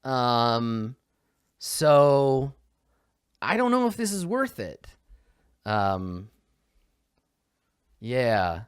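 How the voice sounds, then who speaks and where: A man's voice: medium pitch, very animated, very slow, pauses often, clean tone, no room sound, clean studio sound. A young man, a tabletop game player, chatting casually and rambling to himself as he builds a character, swearing freely.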